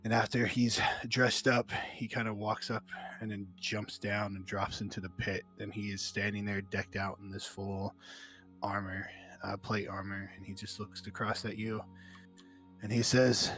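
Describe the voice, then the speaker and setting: A man's voice: on the low side, flat delivery, moderate pace, fairly bright tone, faint music behind. A man narrating a tabletop game as game master, casual and descriptive with frequent fillers.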